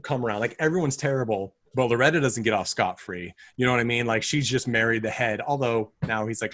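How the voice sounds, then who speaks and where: A man's voice: on the low side, a bit bright, no room sound. A man co-hosting a film podcast, chatting casually about a movie, rambling with lots of fillers and restarts. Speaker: podcast co-host. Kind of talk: casual film review chat.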